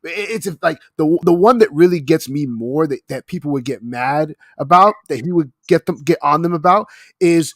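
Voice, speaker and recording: A man's voice: fairly high pitch, moderate pace, no echo. A man with a slightly raised voice talks on a casual podcast. He rambles, hedging with "like" and laughing often, and the sound is close and dry with no room around it. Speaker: podcast co-host.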